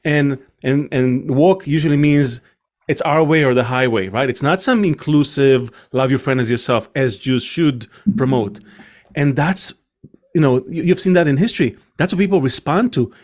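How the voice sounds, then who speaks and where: A man's voice: medium pitch, moderate pace, a little mellow. A man hosting a talk podcast who reasons aloud in a casual, rambling way. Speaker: podcast host.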